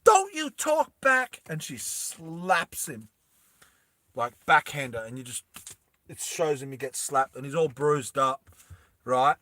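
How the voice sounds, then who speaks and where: A man casually retelling a film, animated and making sound effects. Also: medium pitch, slow pace, pauses often, dry recording. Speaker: storyteller.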